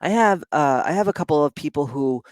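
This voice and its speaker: A woman's voice: deep voice, animated, fairly quick, darkish tone, no echo. A woman speaking in a casual, blunt monologue, with frequent swearing and lots of "like".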